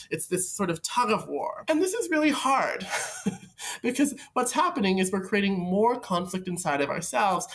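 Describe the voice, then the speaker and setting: Woman, advice host, low-pitched, very animated pitch, playful, reflective, laughs a lot. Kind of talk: casual advice talk to camera.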